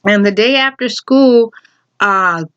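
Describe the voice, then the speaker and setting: A woman's voice: mid-range voice, slow, a bit bright, clear, resonant tone, highs cut off. A woman telling a personal story in casual chat, rambling with lots of fillers and frequent laughs.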